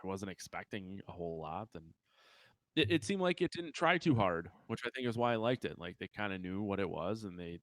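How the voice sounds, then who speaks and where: A man's voice: low voice, animated, fairly quick, a bit bright, no room sound, clean studio sound. A man co-hosting a podcast, chatting casually and laid-back about a film he enjoyed. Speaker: podcast co-host. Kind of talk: casual film review chat.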